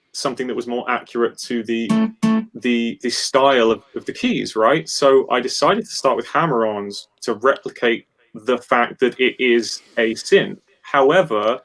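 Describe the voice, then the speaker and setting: A man's voice: mid-range voice, unhurried, soft background music. Rambling male guitarist explaining technique. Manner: animated, rambling explanations with many restarts. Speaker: guest guitarist. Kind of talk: casual technical chat. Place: live video call.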